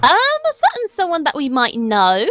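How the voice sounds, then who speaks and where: A woman's voice: high-pitched, huge pitch swings, normal speed, a bit bright, dull audio. A woman joining a gaming video as a co-player, chatting casually and playfully. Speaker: co-player and guest. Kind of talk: casual gameplay chat.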